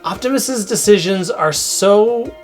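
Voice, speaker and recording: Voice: medium pitch, expressive, slow pace. Co-host, casual review chat, playful, laughs often, faint music behind.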